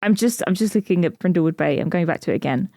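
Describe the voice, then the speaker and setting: A woman co-hosting a casual podcast chat, excitable and giggly. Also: on the low side, fast, dry recording. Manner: excitable, giggly, reads aloud with relish. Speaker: podcast co-host.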